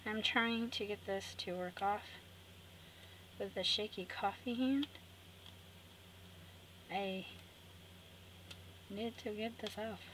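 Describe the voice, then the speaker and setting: Chatty woman hosting a craft tutorial. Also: mid-range voice. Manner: talks to herself, cheerful asides to viewers. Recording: clear background noise.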